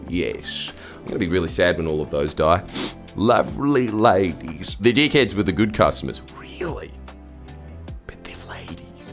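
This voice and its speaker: A man with an Australian accent hosts the video, reading out stories and reacting with sarcastic jokes, sometimes jumping into loud squeaky outbursts.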